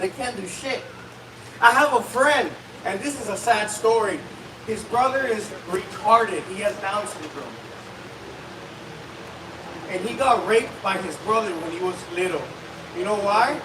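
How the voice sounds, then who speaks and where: A man performs stand-up at a comedy club open mic. His voice sits high, and he hammers his crude one-liners home by shouting them. The mic catches him from far off in an echoey room with faint background noise. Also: moderate pace. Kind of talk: stand-up set.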